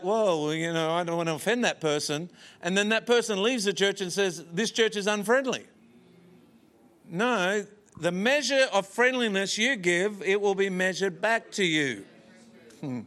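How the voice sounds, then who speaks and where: Male visiting pastor, high voice, slow emphatic sermon delivery. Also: fairly bright tone. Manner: preaching with slow emphatic pauses and acted-out story voices. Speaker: guest pastor.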